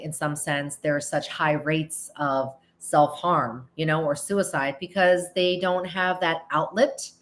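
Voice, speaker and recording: Woman, middle-aged, from the US, podcast host, casual Q&A, slightly low voice, chatty. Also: fairly bright tone. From United States. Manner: chatty, restarts often and acts out quotes. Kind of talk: casual Q&A monologue.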